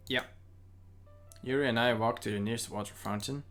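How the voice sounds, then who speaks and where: A man's voice: medium pitch, steady tone, normal speed, long pauses, fairly bright tone, soft background music. Joking man reading a game aloud. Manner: reads all parts in his own voice with joking asides. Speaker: streamer reading a visual novel aloud. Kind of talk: casual let's-play narration and dialogue reading.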